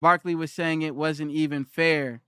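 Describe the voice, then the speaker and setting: A man's voice: on the high side, fairly even intonation, a little slow, a bit bright, clean tone, dry recording, studio quality. A young man on a live stream who argues with his chat, repeats his challenge and reads their comments aloud.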